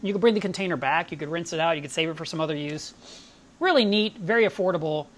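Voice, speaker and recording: A woman's voice: on the low side, fast. A woman hosting a live stream, chatting casually and telling stories with enthusiasm.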